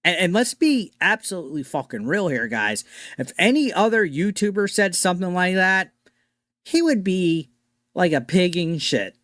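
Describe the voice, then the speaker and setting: A man's voice: sits high, animated, moderate pace, a bit bright, no echo, studio quality. A man delivering a sarcastic, mocking commentary rant with swearing.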